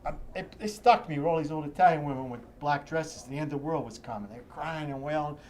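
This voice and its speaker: A man's voice: on the high side, fast talker, darkish tone, slight background noise. Older man telling stories. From Pittsburgh area. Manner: vivid, rambling reminiscence with restarts. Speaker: interview guest, charity executive director. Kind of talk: animated storytelling in an interview.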